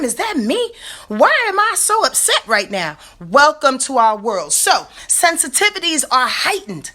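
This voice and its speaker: A woman astrologer with a high voice gives a casual weekly rundown, slangy and animated, speaking directly to her listeners.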